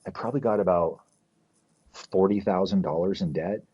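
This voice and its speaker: A podcast guest from New Mexico tells a long story casually, rambling, swearing plenty, leaning on fillers like "like" and "you know," and acting out the people he quotes. His voice sits low, mellow and slightly rough, at a moderate pace, and the podcast audio is slightly dull and muffled.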